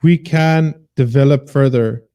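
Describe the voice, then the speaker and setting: A man's voice: medium pitch, measured pace, mellow, clear, resonant tone. A man who teaches, a guest on a casual podcast, making his points with emphatic repetition and a preachy tone.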